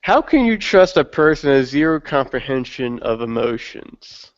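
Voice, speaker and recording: A man's voice: mid-range voice, very animated, moderate pace. A man in casual online voice chat, making dry, teasing remarks. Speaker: discussion participant. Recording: dull lo-fi voice chat audio.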